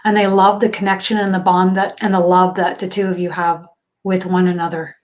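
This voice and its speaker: A woman's voice: on the low side, flat delivery, fairly quick, darkish tone. A woman medium talks in a loose, conversational way on a livestream. She fills her sentences with ums and likes, and she laughs easily between thoughts. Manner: chatty, laughs often, many fillers. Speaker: psychic medium. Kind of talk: casual livestream reading.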